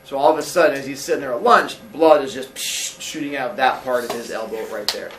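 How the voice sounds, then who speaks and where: A man's voice: medium pitch, fast, a bit bright, reverberant, slight background noise. A male teacher leading a class read-aloud, upbeat, asking students questions and stopping to explain. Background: students in the room.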